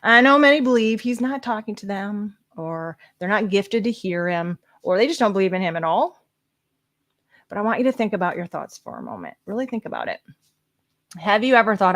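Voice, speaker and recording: A woman motivational speaker gives a deeply personal testimony from a conference stage. Her mid-pitched voice sounds dry and close. She moves between soft, hushed passages and loud, impassioned ones. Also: lively intonation, a little fast, no room sound. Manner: dramatic, swings from hushed whispers to raised voice. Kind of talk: emotional personal testimony speech.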